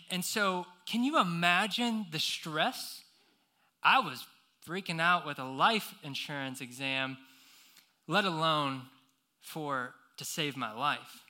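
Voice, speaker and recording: A man's voice: a little high, sharp tone. A young man preaching a sermon, telling a personal story with lots of fillers and restarts before turning to scripture.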